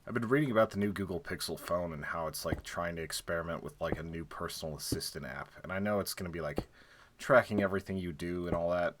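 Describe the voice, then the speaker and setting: A young man with a very deep voice chatting loosely while he builds in a game. He rambles and jokes, drops plenty of fillers, and mutters counts under his breath. A faint hum sits behind him. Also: fast talker. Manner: rambling, joking, lots of "like" fillers. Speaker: game streamer.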